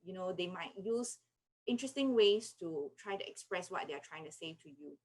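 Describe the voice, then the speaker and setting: Gentle woman giving parenting advice. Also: lowish voice, expressive, normal speed, rough recording. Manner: gentle, explanatory, acts out what she says to children. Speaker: clinical psychologist.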